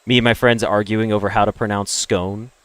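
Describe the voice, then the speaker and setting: A young American man chatting with viewers on a game stream, ranting and opinionated, jumping from loud emphatic bursts to low mutters. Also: level tone, fairly quick, no echo. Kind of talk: casual chat with stream viewers.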